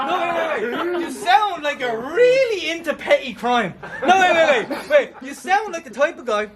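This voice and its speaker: A man's voice: very high voice, very animated, normal speed, few pauses, a loud crowd. A man performing rap battle verses at an outdoor event, taunting and mocking his opponent and laughing between bars. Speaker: battle rapper.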